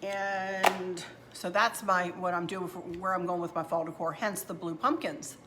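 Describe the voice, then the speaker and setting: A woman's voice: on the low side, steady tone, measured pace, background noise. A middle-aged woman, chatting casually to viewers at home while she shows her fall decorating and crafts. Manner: chatty, homey, addresses viewers as y'all. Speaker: home decor channel host. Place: at home, indoors.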